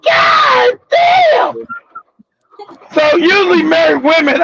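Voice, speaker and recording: Casting: man, very high voice with heavy fry, loud, profane storyteller, dull lo-fi recording. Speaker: talk show host. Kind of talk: casual storytelling.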